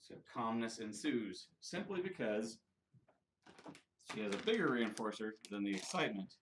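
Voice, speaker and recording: Dog trainer, male, mid-pitched, talks through training steps casually. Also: moderate pace, noisy background. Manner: relaxed, explains plainly with frequent uh fillers. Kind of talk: casual instructional talk.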